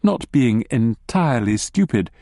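A man's voice: medium pitch, big pitch swings, unhurried, dark tone, no room sound. A man narrating an audiobook in the second person with a wry, dry humour.

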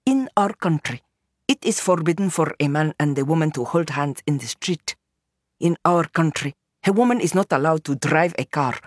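A woman's voice: deep voice, lively intonation, moderate pace, no room sound, studio quality. A woman reading as a bold, assured young woman. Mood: confident. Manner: assured, commanding.

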